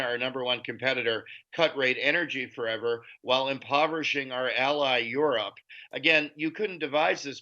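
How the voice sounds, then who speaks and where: Brief: male political guest, sharp-toned and scornful, heard over a dull remote line. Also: medium pitch. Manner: forceful, scornful delivery. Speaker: guest author. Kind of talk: political commentary interview. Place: lives in Europe.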